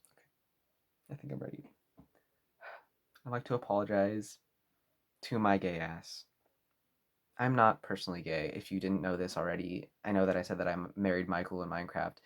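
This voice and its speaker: Deep-voiced man in mock-solemn apology. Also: fairly even intonation. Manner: over-earnest, halting, mock-solemn apologizing. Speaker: vlogger. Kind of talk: mock-serious apology video.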